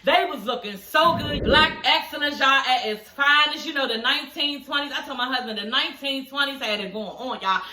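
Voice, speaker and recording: A young adult woman giving a casual, animated recap of a TV episode, talking straight to her viewers and swearing freely. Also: high-pitched, brisk, hardly any pauses, reverberant, far from the mic, background noise. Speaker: TV episode reviewer.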